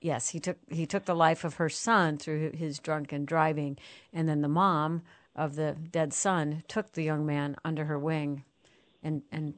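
A woman's voice: sits low, little pitch movement, unhurried, no echo. A woman hosting an interview, asking earnest questions and reading aloud from the guest's book. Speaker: host.

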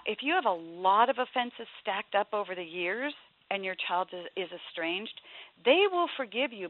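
A woman in her fifties, an author giving earnest, emphatic parenting advice as an interview guest. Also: mid-range voice. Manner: emphatic, earnest advice, drops to a soft voice for quoted pleas. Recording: tinny phone line.

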